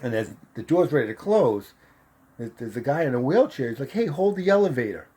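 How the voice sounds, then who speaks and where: A man's voice: mid-range voice, big pitch swings, fairly quick, warm tone, breathy edge. A middle-aged man from Massachusetts telling a personal story in a casual, profane way, laughing as he goes and acting out what people said. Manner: profane, laughs through the tale, acts out the voices.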